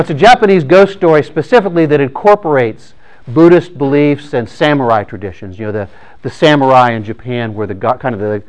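A man telling a story in a sermon, speaking conversationally with frequent restarts. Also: mid-range voice.

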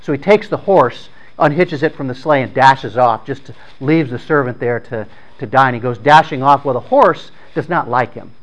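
A man tells a story out loud in an informal, conversational way. His voice sits at an ordinary middle pitch. He often stumbles, repeats words and starts phrases again as he goes. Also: muffled recording. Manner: halting, with frequent repeated words and restarts; conversational, plain-spoken.

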